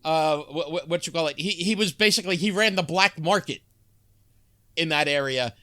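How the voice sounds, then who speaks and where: Here a podcast co-host with a slightly high, sharp-toned voice chats casually about sitcoms. He keeps restarting his sentences and breaking into laughs.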